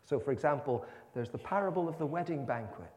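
A man's voice: a little high, lively intonation, fast talker, darkish tone. A man preaching a sermon in a church, explaining in a conversational way with asides. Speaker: minister. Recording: long church reverb.

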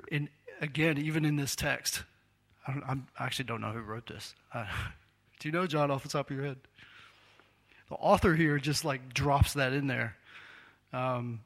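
A man's voice: mid-range voice, unhurried, a bit bright. A man preaching a sermon in a conversational, self-deprecating way, laughing often.

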